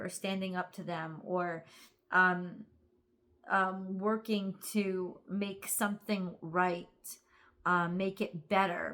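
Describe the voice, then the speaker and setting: Woman, tarot reader, tired and yawning, meandering and thinking out loud, everyday voice. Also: mid-range voice. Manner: rambling, thinking aloud with many fillers. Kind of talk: casual tarot reading to camera.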